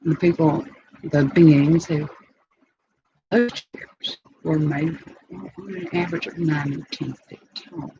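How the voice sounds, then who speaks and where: Gravelly woman rambling through a story. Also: deep voice, fairly even intonation, slow pace. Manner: rambling, digressive, frequent restarts and fillers. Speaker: vlogger. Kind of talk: unscripted personal storytelling. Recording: dull lo-fi sound with clear background noise.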